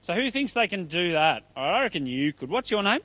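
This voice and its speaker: A man's voice: high-pitched, sing-song, brisk, a bit bright, dry recording. A man giving a playful, chatty talk to children at church. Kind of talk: children's talk with audience play.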